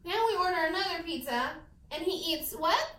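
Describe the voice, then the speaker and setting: A woman's voice: very high-pitched, animated, normal speed, pushed and bright, slight background noise. A woman teacher leading a classroom lesson, asking questions and encouraging her pupils. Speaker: elementary school teacher. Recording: echoey classroom, mic far off.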